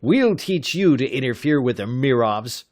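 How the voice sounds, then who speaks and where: A man voicing a big, rough gunman in an audiobook, snarling his threats. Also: medium pitch, big pitch swings, normal speed, a little mellow, no room sound, clean studio sound, pitched above the performer's own voice, close to an everyday voice. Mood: menacing. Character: big rough adult male gunman, menacing.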